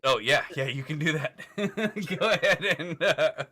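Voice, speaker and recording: A man's voice: fairly high pitch, animated, measured pace, sharp tone. A young man running a tabletop game as game master, laughing often between hesitant narration.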